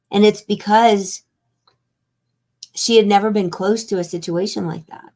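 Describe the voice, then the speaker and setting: A woman's voice: medium pitch, steady tone, a little slow, pauses often, a little mellow. A woman hosting an interview, a foundation founder, speaking earnestly and reflectively about her mission over a video call.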